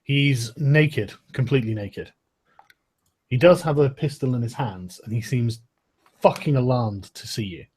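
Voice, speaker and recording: A man's voice: medium pitch, measured pace, darkish tone, husky. A man running a tabletop role-playing game as game master, narrating scenes and rulings.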